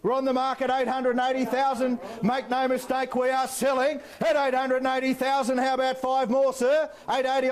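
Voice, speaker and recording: An Australian man working as an auctioneer, calling bids in a rapid rhythmic patter with playful banter to the bidders. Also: very high-pitched. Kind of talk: live property auction calling.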